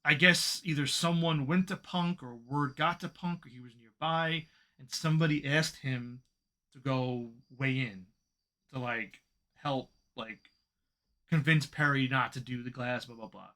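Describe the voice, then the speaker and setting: A man co-hosting a casual wrestling podcast, talking in an animated way and swearing as he vents. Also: mid-range voice, a little slow. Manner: animated, swearing, venting frustration. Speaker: podcast co-host.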